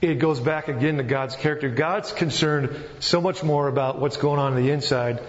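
A man preaching a sermon, reading scripture and explaining it in an earnest, halting way with frequent restarts. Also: fairly high pitch, steady tone. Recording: muffled, with long hall reverb.

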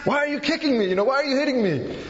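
A man's voice: extremely high pitch, lively intonation, racing, fairly bright tone, slight background noise, voice pushed up. A man voicing a male talking donkey, indignant and hurt at being kicked. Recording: roomy hall, dull sound.

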